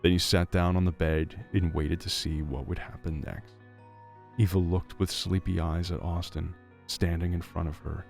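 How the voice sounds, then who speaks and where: A man reading a dramatic story aloud as a scripted narration, in a gravelly voice. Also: low-pitched, steady tone, normal speed, soft background music.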